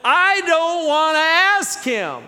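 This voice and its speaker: A man's voice: very high-pitched, sing-song, takes it slowly, bright, forceful tone, long reverb tail, voice pushed up, full character voice. A man voicing a pouting, petulant king who whines about a prophet he dislikes. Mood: whiny. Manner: petulant, whining.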